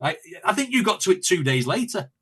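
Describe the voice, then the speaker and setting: A man's voice: sits high, sing-song, fairly quick, fairly bright tone, slightly rough. A man chatting as an interview guest, telling stories animatedly with quoted asides. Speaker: guest, reaction video creator. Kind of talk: casual interview chat.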